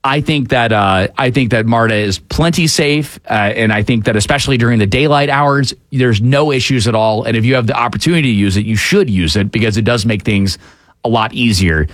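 A man's voice: medium pitch, a little fast, fairly bright tone, dry recording. A man hosting a talk show, giving casual, opinionated commentary on the news with frequent fillers. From Atlanta area, USA.

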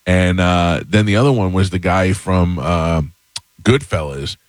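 A man's voice: sits low, unhurried, no room sound. A man hosting a podcast, casually telling anecdotes and acting out the voices of others. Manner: animated, acts out voices in anecdotes. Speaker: podcast host. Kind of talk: casual storytelling.

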